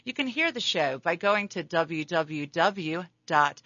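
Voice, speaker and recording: A woman's voice: on the low side, lively intonation, slow, pushed and bright, no room sound, muffled recording. A woman hosting a radio talk show, friendly and chatty, sometimes restarting her words.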